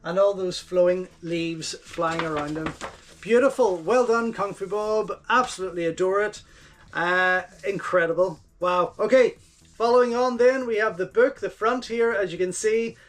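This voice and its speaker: A man with a fairly high voice hosts a casual unboxing, talking through each item as he handles it. He gushes with enthusiasm and keeps coming back to the same few words of praise. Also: normal speed, fairly bright tone. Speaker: channel host reviewing home video releases.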